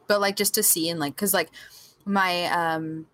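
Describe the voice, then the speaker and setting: A woman's voice: lowish voice, measured pace. Chatty young woman rambling on a podcast. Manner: rambling and animated, many filler words. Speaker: podcast co-host. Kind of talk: casual chat. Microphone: remote call mic.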